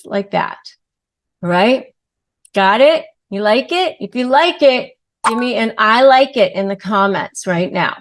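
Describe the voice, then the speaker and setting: A woman hosts a direct-to-camera advice video as a lawyer, speaking at an unhurried pace in a middle pitch. She is animated, acting out little examples and filling pauses with casual filler words. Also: creaky. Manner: animated, acts out quoted lines with many fillers. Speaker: lawyer and self-help host.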